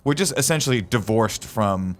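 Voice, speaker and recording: A man's voice: on the low side, lively intonation, normal speed. A man co-hosting a podcast, chatting casually and thinking aloud in rambling sentences with restarts. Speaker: podcast co-host. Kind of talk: casual chat.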